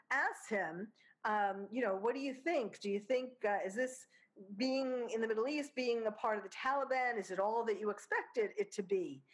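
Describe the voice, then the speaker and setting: A woman with a New York accent giving an unscripted spoken commentary, talking casually with many fillers and small laughs. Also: on the high side. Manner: chatty, with frequent fillers and laughs. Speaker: commentator discussing a criminal case. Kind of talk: unscripted monologue.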